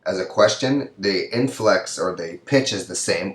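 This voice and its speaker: A man teaching Spanish grammar in a recorded video lecture, speaking slowly and carefully and drawing out example sentences. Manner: slow and careful, drawing out example sentences to show rising pitch. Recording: echoey room.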